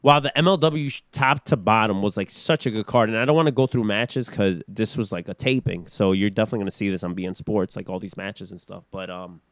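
Animated casual podcast man, smooth voice. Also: fairly low pitch, fast, hardly any pauses, dry recording. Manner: animated, swearing, rambling with fillers. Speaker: podcast co-host. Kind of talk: casual chat.

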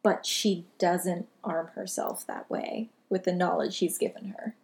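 A woman co-hosting a casual chat, thoughtful and measured, with the odd filler. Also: lowish voice, steady tone, gravelly, a little mellow. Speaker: podcast co-host.

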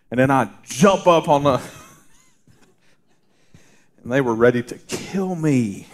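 A middle-aged man preaching in a loose, folksy way, full of "you know" and restarts. His voice sits in an ordinary middle range. Now and then he softens into a hushed, reassuring tone. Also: mid-range voice, slow pace, pauses often. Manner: folksy storytelling with frequent fillers and restarts; drops to a soft, hushed voice for reassurance. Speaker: pastor. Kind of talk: conversational sermon.

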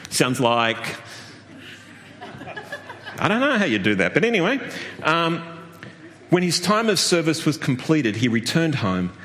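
Animated preacher man in a reverberant hall. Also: unhurried, pauses often. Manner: animated preaching with sudden high exclamations and laughs. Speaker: pastor. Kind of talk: sermon.

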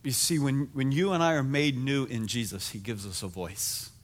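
A middle-aged man preaching a sermon as pastor, telling stories in an animated, self-deprecating way. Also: medium pitch, moderate pace.

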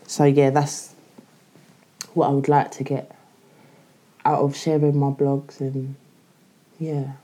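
A woman's voice: very deep voice, level tone, slow pace, pauses often, warm tone. A woman, speaking candidly in a casual podcast chat, full of "like" as she tells her story. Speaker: guest.

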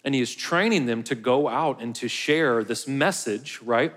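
A man's voice: mid-range voice, moderate pace, fairly bright tone. A man preaching a sermon as pastor of his own church, talking casually to the congregation and joking along the way. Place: large church hall. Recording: long reverb of a church hall.

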